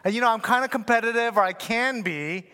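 A man's voice: very high-pitched, fairly quick, pushed and bright, clear, resonant tone. A young adult man preaching a sermon in a loose, conversational way, telling a personal story and often asking his listeners "right?". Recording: long hall reverb.

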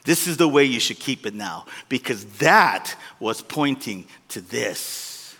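A man preaching a sermon as a pastor, with animated delivery that swings between loud peaks and quiet asides. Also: medium pitch. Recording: long reverb of a large hall.

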